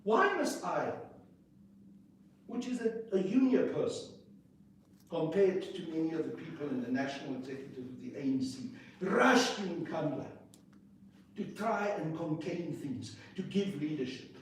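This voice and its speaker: A man, speaking as an interview guest in a forceful, indignant way, piling up rhetorical questions. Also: a little high, animated, normal speed. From South Africa. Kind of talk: impassioned political interview. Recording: echoey room, distant mic, faint noise.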